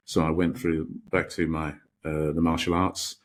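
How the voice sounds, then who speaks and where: A man's voice: low-pitched, level tone, moderate pace, a little hiss or hum. A middle-aged British man, a podcast guest, telling stories reflectively with many restarts. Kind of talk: storytelling in a podcast interview.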